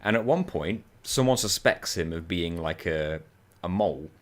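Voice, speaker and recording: A co-op gaming channel host with a low, expressive voice chats casually during a co-op game. At a moderate pace, he tells animated stories and laughs often.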